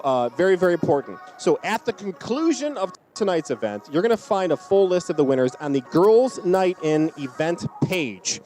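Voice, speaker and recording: A middle-aged man with a high voice hosts a charity prize draw and calls out each winner with upbeat, drawn-out flair. Soft music plays behind him. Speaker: charity auction host.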